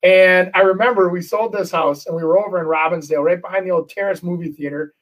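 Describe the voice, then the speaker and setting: A middle-aged man, a real estate agent, telling a story in casual chat, animated and full of restarts. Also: high-pitched, fast talker, far from the mic, low-quality recording. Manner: animated, acts out quotes, many restarts.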